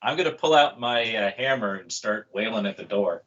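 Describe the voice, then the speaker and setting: A man's voice: on the low side, animated, a little fast, highs cut off, noisy background. A man playing a tabletop role-playing game, bluntly declaring what his character does. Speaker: player. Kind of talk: tabletop role-play chat.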